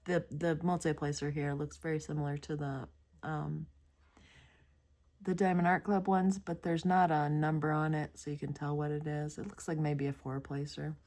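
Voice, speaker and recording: Low-voiced sleepy woman rambling chattily. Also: flat delivery, moderate pace, a little mellow. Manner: rambling and chatty, with frequent hesitations. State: sleepy, yawning repeatedly. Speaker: crafting video host. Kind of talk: casual product review chat.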